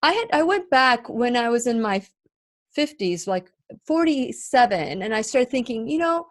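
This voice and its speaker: A woman hosting a radio interview, asking long, halting questions full of fillers and restarts. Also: on the high side, very animated. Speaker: radio show host.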